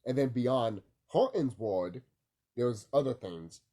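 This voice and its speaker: Young male vlogger, early-morning ramble, dark husky tone, casual cursing. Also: mid-range voice, expressive, slow pace. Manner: loose, rambling, lots of fillers and profanity. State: sleepy, woken early.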